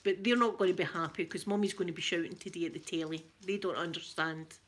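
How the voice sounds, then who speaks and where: A Scottish woman from Scotland chatting casually to her viewers, now and then cooing softly in baby talk to her pet. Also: fairly low pitch, fairly even intonation, fast, breathy edge. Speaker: ASMR channel host.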